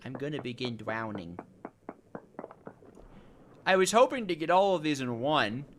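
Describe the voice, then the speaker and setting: A young man with a bright, clear voice streams a video game and chats with his viewers. He jokes and rambles, and his pitch swings up and down a lot as he talks. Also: very animated, unhurried, slight background noise. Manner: joking, rambling, answers chat. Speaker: gaming streamer. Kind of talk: casual let's-play chat with viewers.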